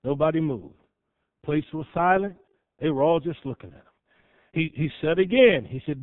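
A man preaching a sermon, telling a story that builds to loud, fervent peaks with drawn-out emphatic phrases. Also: a little high, dry recording. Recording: tinny phone-like sound.

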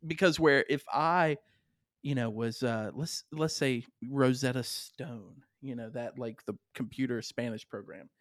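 A young man with a Southern accent hosts a relaxed podcast conversation, an animated storyteller who laughs often. His pace is measured and his voice mid-range, recorded dry at studio quality.

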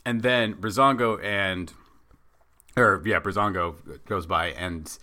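A man co-hosting a casual wrestling chat, rambling and animated as he pitches ideas. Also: a little slow. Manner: rambling, animated, acts out bits in silly voices. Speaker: podcast co-host.

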